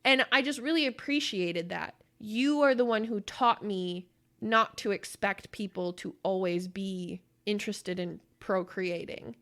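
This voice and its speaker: A woman with a medium-pitched, gravelly, slightly bright voice co-hosts a podcast in casual chat. She's blunt and profane, acting out quoted voices as she tells stories.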